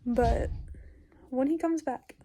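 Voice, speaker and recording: A woman YouTuber speaks slowly in a high-pitched, dark-toned voice as she relates a dream. The account rambles casually, with many fillers, and at times she whispers.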